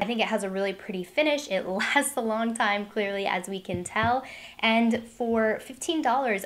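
A woman beauty vlogger doing casual check-ins at home, chatty and upbeat, with lots of "like" fillers. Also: medium pitch. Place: at home by large glass doors.

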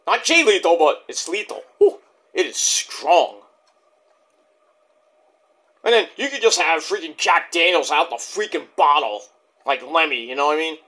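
A man rambling excitably through a casual wrestling review, swearing often. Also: on the high side, normal speed, long pauses.

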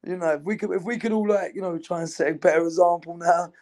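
A young man talks in a relaxed, rambling, laddish way. His voice sits a little high and has a gravelly, creaky edge. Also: fast talker. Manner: laddish banter, loose and rambling. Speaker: interviewee. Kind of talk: casual chat.

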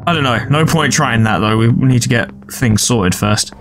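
A man's voice: mid-range voice, moderate pace, a bit bright, faint music behind. Swearing, rambling let's play man. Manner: swears freely, rambling self-talk. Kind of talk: casual gameplay commentary.

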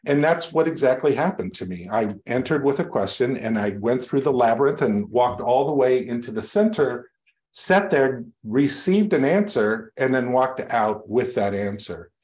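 A man's voice: mid-range voice, lively intonation, moderate pace. A male reverend giving a sermon to his congregation, telling stories in a conversational way with light humor. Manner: warm conversational storytelling to a congregation, light self-deprecating humor. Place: church sanctuary.

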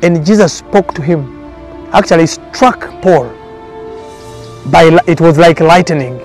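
In a documentary interview, a man whose voice sits slightly high gives his testimony as a prophet. He speaks earnestly and without hurry, falling into a repetitive preaching cadence, while soft music plays faintly beneath him.

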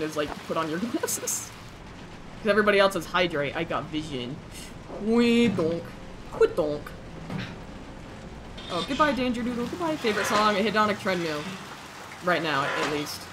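A young woman streaming a video game, reacting excitably, joking, swearing and chatting with her viewers. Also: fairly low pitch, background noise. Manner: excitable, jokey, swears freely, talks to chat. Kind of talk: live gameplay commentary, chatting with viewers. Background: game music.

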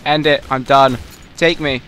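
A young man commenting on his own gameplay, excitable and swearing loudly whenever things go wrong. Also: medium pitch, unhurried, faint music behind. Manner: excitable, yelling and swearing at the game. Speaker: gamer. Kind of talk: let's play commentary.

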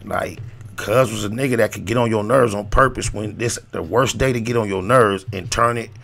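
An older man talks casually to his livestream audience in a loose, slang-filled ramble. His voice sits low and has a gravelly, fry-heavy grain. He wanders between stories and shout-outs with plenty of filler words. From Los Angeles area, USA. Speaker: host.

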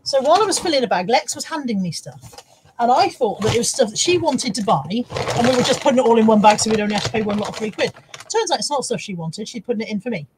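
A woman's voice: a little high, lively intonation, quick pace, noisy background. A woman co-hosting a casual live stream, chatty and giggly, reading viewer comments aloud. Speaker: livestream co-host reading chat comments. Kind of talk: casual chat.

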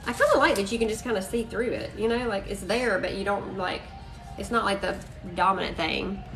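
Woman host, chatty and excitable, mid pitch, a bit off-mic with faint music under her. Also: brisk, far from the mic, rough recording. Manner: bubbly, says "y'all" and "freaking" a lot. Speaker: craft live-stream host. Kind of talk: chatty live-stream crafting demo.

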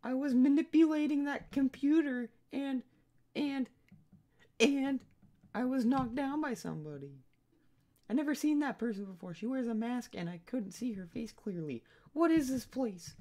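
A gamer squeaking as a dazed frightened young woman. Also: expressive, normal speed, warm tone. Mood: bewildered. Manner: high squeaky put-on girl's voice. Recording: noisy home recording with keyboard clicks.

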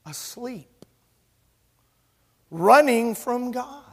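High-voiced preacher in his sixties. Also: expressive, extremely slow. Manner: emphatic preaching, loud and soft by turns. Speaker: pastor. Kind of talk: sermon. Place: church sanctuary. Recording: long church reverb.

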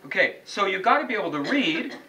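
A man's voice: high-pitched, big pitch swings, quick pace, sharp tone. A man teaching a class how to read chant notes, quizzing students by name and singing short examples. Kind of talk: classroom lesson. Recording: distant mic, faint background noise.

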